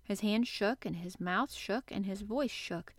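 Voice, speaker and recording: A woman narrates a children's classic in a lively, expressive reading voice at a middling pitch. The sound is dry and close, with no room around it. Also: measured pace, no room sound. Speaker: podcast host and reader. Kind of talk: audiobook narration.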